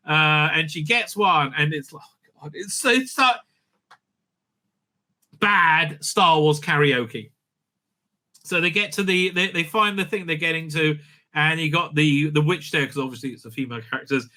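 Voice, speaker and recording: A man's voice: fairly high pitch, moderate pace, sharp tone. A man hosting a casual spoken review, sarcastic and crude, with many hesitant fillers. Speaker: show host, reviewer.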